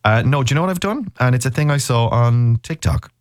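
A man's voice: mid-range voice, expressive, brisk, no echo, studio quality. A man in his thirties hosting a radio show, chatting casually with a co-host in a rambling, teasing way. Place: radio studio. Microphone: studio microphone.

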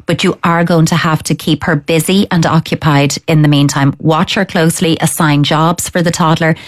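Woman, low register, steady expert giving parenting advice. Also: normal speed. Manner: calm, firm, explains with acted-out child thoughts. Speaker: parenting expert answering listener letters. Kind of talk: advice on a radio or podcast show.

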